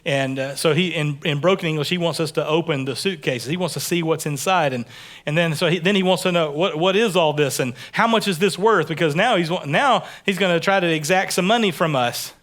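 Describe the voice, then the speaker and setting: Texas guy preaching, kinda high voice, chatty sermon, repeats himself a lot. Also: a little fast, a bit bright. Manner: conversational, repeats words while building a point. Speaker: pastor. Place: church sanctuary.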